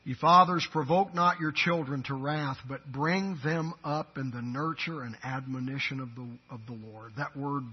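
A man preaching a sermon, moving from quiet talk to loud, slow, emphatic lines. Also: on the high side, breathy edge. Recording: dull lo-fi sermon recording.

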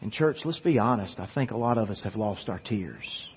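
A man's voice: lowish voice, lively intonation, moderate pace, slight background noise. A male pastor giving an earnest sermon, often repeating words as he goes. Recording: echoey church hall, dull lo-fi sound.

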